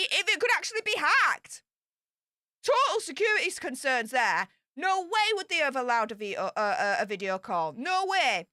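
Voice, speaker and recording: A woman's voice: high-pitched, sharp tone, no room sound, clean studio sound. A woman casually commenting on royal news, reading out points and adding chatty, emphatic asides.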